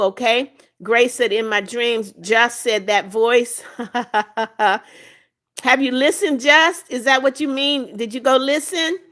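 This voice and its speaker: Woman, livestream host, fairly high voice; reads chat aloud, quick motherly replies. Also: a bit bright. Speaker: livestream host reading viewer comments. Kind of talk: casual live-stream chat.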